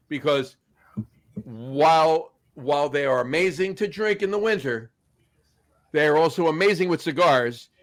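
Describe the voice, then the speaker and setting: A man from New Jersey with a somewhat high-pitched voice co-hosts a casual podcast. He speechifies playfully, stretching his pauses like a candidate at a rally. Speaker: podcast co-host. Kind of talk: casual chat, mock campaign speech.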